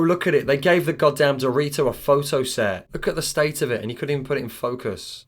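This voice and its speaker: A young man reacting to odd online listings in comedic commentary, animated and profane, with mumbled asides. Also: mid-range voice. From United Kingdom. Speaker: commentary host.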